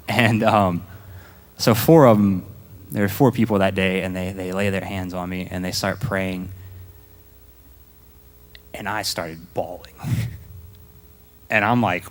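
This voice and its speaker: Young man, casual testimony in church, lowish voice, acts out his old self. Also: fairly even intonation, unhurried, long pauses, in a large hall. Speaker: church speaker giving testimony. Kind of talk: personal testimony to a congregation.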